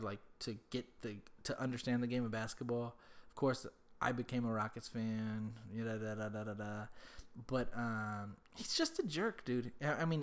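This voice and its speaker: A young man hosting a casual chat, rambling through a story with lots of swearing and repeated words. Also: mid-range voice.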